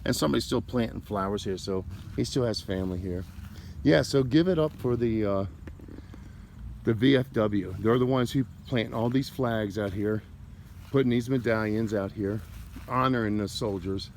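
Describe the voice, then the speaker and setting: A man's voice: on the low side, normal speed, a little mellow, slight background noise. A man casually narrating a walk through a cemetery, rambling and stumbling over names as he reads gravestones. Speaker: cemetery tour vlogger. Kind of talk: casual walking commentary. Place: outdoor cemetery.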